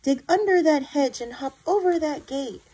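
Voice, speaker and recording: A woman voicing a helpful, bossy but kind little male mouse in a squeaky voice. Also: animated, mellow. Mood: squeaky, eager. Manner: squeaky, brisk.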